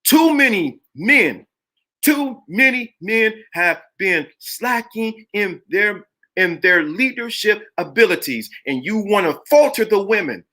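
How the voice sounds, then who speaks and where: A man's voice: a little high, bright, forceful tone. A middle-aged man hosting a live motivational talk to viewers, preachy and emphatic, and he repeats lines to drive his point home. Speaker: live stream host.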